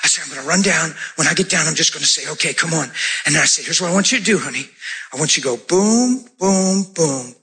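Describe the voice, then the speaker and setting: A male pastor preaching, telling a testimony with acted-out dialogue and bursts of shouted praise. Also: a little high, fast. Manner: animated storytelling, acting out dialogue, shouting praise. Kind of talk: sermon testimony.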